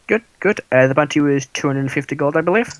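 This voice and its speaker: A man playing a brisk armored woman marshal. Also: a little high, dry recording, pitched above the performer's own voice, close to an everyday voice, low-quality recording. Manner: brisk, matter-of-fact.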